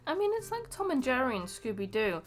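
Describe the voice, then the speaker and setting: A woman's voice: high voice, sing-song, brisk. A woman co-hosting a casual chat, blunt and dry, swearing casually. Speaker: co-host.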